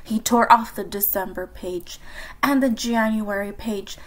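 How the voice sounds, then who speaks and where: A young adult woman reading a children's storybook aloud for a library, narrating and explaining slowly and clearly to young listeners. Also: medium pitch, low-quality recording.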